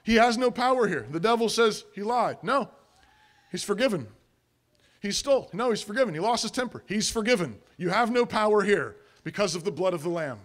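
A man's voice: high-pitched, animated, fairly quick. A man preaching a sermon as pastor, emphatic and repetitive, asking rhetorical questions and answering them.

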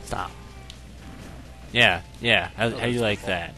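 A man's voice: on the low side, slow, music in the background. A man bantering casually while playing a video game with friends, joking, laughing and swearing freely. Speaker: gaming commentator.

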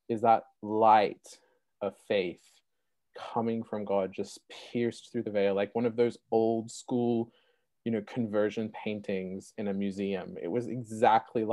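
A young man telling his own faith story as an interview guest, animated and full of "like" fillers. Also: on the low side, measured pace, no echo. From Sydney, Australia. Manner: animated, many "like" fillers, laughs often. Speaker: guest, Christian apologist. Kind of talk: personal testimony storytelling.

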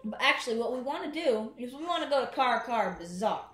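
A chatty woman with a slightly high voice, rambling through casual gameplay commentary at home. She talks freely to the game and to herself. Her voice echoes around the room while game music plays behind her. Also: animated, a little fast, a bit bright. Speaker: gaming channel host.

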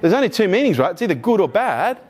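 A man's voice: high voice, big pitch swings, fast, darkish tone, a faint crowd. A man giving a live motivational keynote to an audience, swearing freely and acting out quoted voices. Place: conference room with live audience.

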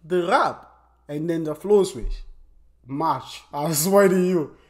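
A man hosting a reaction video, talking excitedly in casual slang and often asking "you know what I'm saying". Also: a little high, slow pace, faint music behind.

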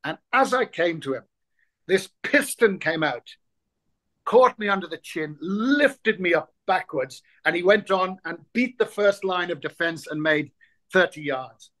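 A man's voice: sits high, a little slow. A man in his sixties, from Ireland, telling rugby stories as a guest in an interview, acting out the voices of people he quotes and repeating words as he searches for them. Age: 60s. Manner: lively raconteur, acts out quoted voices, repeats words when reaching for them. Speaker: guest, former rugby player. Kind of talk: anecdotal interview storytelling.

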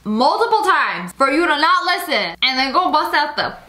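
A woman with a high, sing-song voice that leaps all over as she comments on animal clips. She laughs often and slips into little voices for the animals' thoughts. The sound is roomy, with music playing behind her. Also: very animated, normal speed. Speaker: host reacting to videos. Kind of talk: comedic video commentary.

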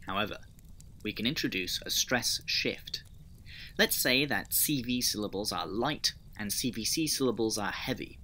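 Bright-voiced man explaining conlang sound changes. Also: on the low side, lively intonation, normal speed. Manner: methodical, explanatory, with dry personal asides. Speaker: conlang video creator. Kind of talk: scripted educational narration.

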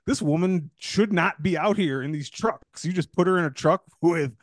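A man's voice: on the high side, moderate pace, no room sound, studio quality. A man co-hosting a casual movie podcast, talking animatedly and acting out lines from the film. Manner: animated, acts out characters' lines. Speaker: podcast co-host.

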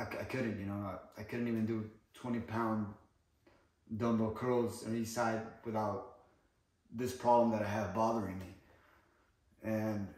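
A man in a casual personal vlog, talking in a downcast, halting way with lots of "you know" fillers. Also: medium pitch. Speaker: fitness vlogger. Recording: echoey room, mic far off.

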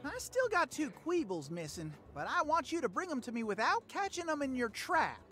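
A woman's voice: sits high, sing-song, normal speed, a bit bright. A woman voicing a folksy, drawling rancher woman in a game, handing out instructions. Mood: instructing. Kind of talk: game character dialogue.

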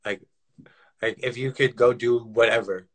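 A man's voice: medium pitch, fairly even intonation, normal speed. A man chatting casually on a livestream, slangy and swearing, calling his friend bro a lot.

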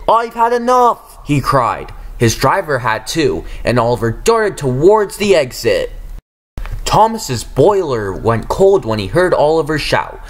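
Expressive man reading a storybook. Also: a little high. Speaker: narrator. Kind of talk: storybook narration.

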